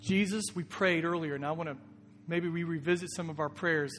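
A man's voice: on the high side, steady tone, brisk. A man preaching a sermon as a pastor, in an earnest, conversational way. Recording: long reverb with soft guitar behind.

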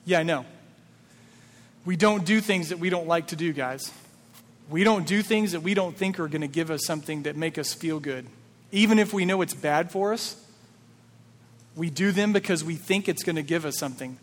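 In a church sanctuary, a male pastor with a fairly high voice delivers a sermon at a moderate pace, leaving long pauses. He keeps his tone casual and conversational while firing rhetorical questions at the congregation, and the hall's long reverb trails each line.

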